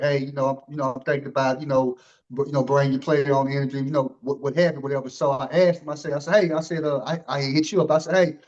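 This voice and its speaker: High-voiced rambling male interview host. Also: a little mellow, highs cut off. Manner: rambling, loaded with "you know" and "man". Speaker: podcast host. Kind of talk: casual interview chat.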